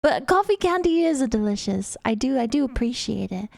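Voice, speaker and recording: Chatty high-voiced woman streamer. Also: very animated, fairly quick, vocal fry, darkish tone, no room sound, clean studio sound. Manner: affectionate, chatty, calls viewers sweetheart. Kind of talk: casual chat with stream viewers.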